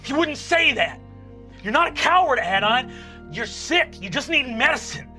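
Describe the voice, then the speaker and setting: A man doing a gruff, foul-mouthed counselor. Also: on the high side, animated, brisk, soft background music. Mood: fired up. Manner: rough, blunt, swings from hushed to shouting. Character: gruff profane male guidance counselor, furry.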